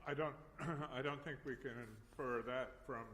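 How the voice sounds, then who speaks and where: A man in a study group, making a thoughtful, halting comment in the discussion. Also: mid-range voice, steady tone, crowd noise.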